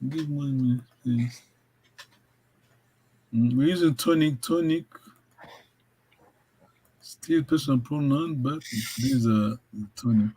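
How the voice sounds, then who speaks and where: A man's voice: medium pitch, takes it slowly, long pauses, dark tone, breathy edge, low-quality recording. A man teaching a language over a video call, encouraging and repetitive, often laughing. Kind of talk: online language lesson.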